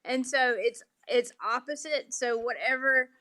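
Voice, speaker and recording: A woman's voice: high-pitched, measured pace, bright, forceful tone. A woman with a Southern accent, a polite guest explaining things patiently with frequent "um" fillers. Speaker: interview guest. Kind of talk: remote interview conversation.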